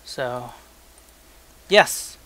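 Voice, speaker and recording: A man's voice: very slow, fairly bright tone. A young man co-hosting a casual podcast, reading listener emails aloud in a joking, loose way with frequent stumbles. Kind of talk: casual chat.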